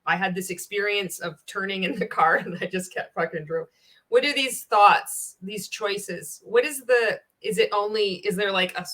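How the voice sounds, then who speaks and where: A woman's voice: mid-range voice, a bit bright. A woman giving reaction commentary in a blunt, sarcastic way, swearing often. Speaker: reaction video host.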